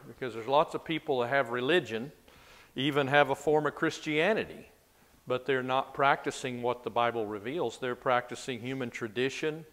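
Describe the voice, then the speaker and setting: A man at a mid-range pitch leads a Bible class in a loose, conversational way and puts questions to his listeners. His voice carries a long reverb from a large room. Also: fairly bright tone.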